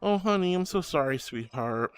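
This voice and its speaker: A man streaming as a VTuber, chatting casually with viewers and reading their messages. He talks in a soft, affectionate way, calls listeners honey and sweetie, and turns earnest and comforting when he consoles them. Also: fairly high pitch, animated, normal speed, clean tone. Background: faint background music.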